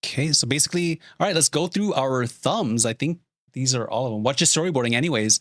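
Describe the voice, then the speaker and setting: A man's voice: mid-range voice, brisk, dry recording. Chatty man with a dry, close sound. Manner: rambling, chatty, laughs often, heavy use of "like". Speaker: streamer. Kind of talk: casual chat while drawing storyboards.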